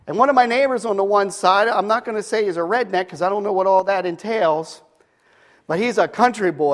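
A man preaching a sermon, earnest and emphatic, telling stories in between. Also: high voice.

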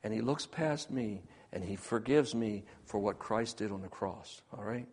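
A man preaching a sermon, swinging between hushed, quiet passages and loud, emphatic ones. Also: fairly low pitch, moderate pace, husky, in a large hall.

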